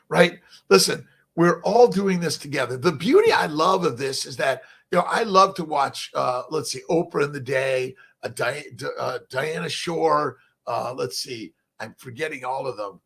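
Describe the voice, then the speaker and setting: A man's voice: on the high side, creaky, fairly bright tone, husky. An older man, a doctor hosting a rambling morning motivational talk, folksy and preachy, with many fillers and free swearing.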